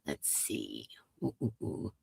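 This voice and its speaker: A congested woman with a drawl, her nose stuffy, talks casually with her viewers and greets them by name. Her voice has a gravelly fry running through it. The recording is dry and close, with no room sound. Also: very deep voice, huge pitch swings, slow, a little mellow, dry recording. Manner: chatty, greets viewers one by one. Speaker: live stream host.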